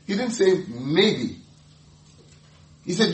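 Animated preacher man in a roomy hall. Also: high voice, a little slow, far from the mic. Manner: animated, emphatic, laughs often, repeats words. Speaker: pastor. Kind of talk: sermon.

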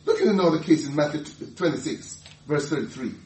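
A man teaching the Bible, animated and laughing often, restarting his sentences. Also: fairly high pitch, quick pace, echoey room, far from the mic, a little hiss or hum.

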